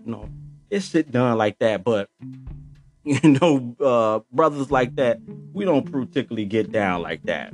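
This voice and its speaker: Slangy conversational man in his forties. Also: fairly low pitch. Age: 40s. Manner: loose and conversational, full of slang and filler phrases. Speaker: podcast host. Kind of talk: casual monologue.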